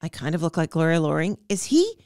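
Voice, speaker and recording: A woman guest on a comedy podcast, telling stories in an animated, quick-witted way. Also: deep voice, dry recording, studio quality. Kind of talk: comedic casual chat.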